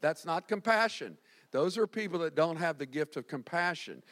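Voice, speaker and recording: A man's voice: on the high side, expressive, normal speed, fairly bright tone. A male pastor from Florida preaching a sermon, telling stories animatedly with self-deprecating humor.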